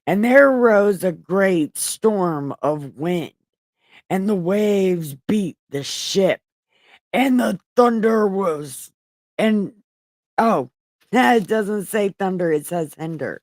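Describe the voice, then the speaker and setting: Slow-paced and a little mellow, this woman's medium-pitched voice has lively intonation with no echo as she reads scripture on a livestream. She rambles with chatty asides, corrects herself, swears while paraphrasing and talks to viewers who aren't in the chat.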